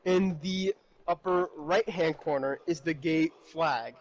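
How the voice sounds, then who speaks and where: A man's voice: fairly high pitch, takes it slowly, lo-fi sound. A man chatting casually on a stream, telling a story animatedly and laughing often. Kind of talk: casual chat.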